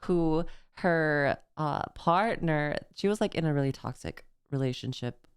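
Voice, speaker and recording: A woman streamer reacts to a story, speaking bluntly and swearing freely. Her voice sits a little low and sounds smooth and clear. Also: lively intonation, measured pace, no echo, studio quality. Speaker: VTuber streamer. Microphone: phone face tracking, desk mic.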